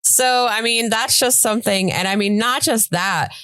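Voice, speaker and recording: A woman's voice: a little high, moderate pace, fairly bright tone, clear, resonant tone, no room sound. A woman co-hosting a podcast, chatting casually and teasingly. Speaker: podcast co-host. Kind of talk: casual chat.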